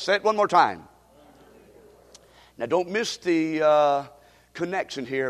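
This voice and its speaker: A man preaching in a church sanctuary, his voice pitched high and carrying a long reverb tail through the room. He leads the congregation in call-and-response and draws each verse out slowly. He swings between loud declaiming and quiet, pointed appeals to the listeners. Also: lively intonation. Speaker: pastor. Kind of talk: sermon.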